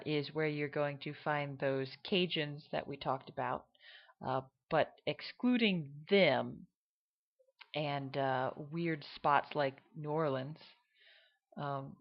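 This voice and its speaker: A woman explaining regional accents in a casual, hesitant way, with many fillers. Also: low-pitched. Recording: dull lo-fi recording.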